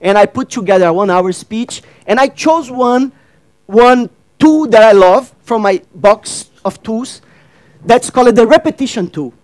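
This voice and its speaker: High-voiced man speaking on stage. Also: animated, measured pace, darkish tone, no room sound, low-quality recording. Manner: addresses and questions the audience, acts out dialogue; non-native grammar, repeats phrases. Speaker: workshop speaker. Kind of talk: interactive stage talk.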